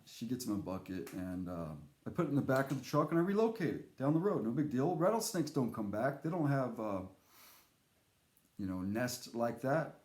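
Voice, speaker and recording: Animated man telling a story, echoey room. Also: medium pitch, moderate pace. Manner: animated, rambling with fillers and restarts. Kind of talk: casual spoken anecdote.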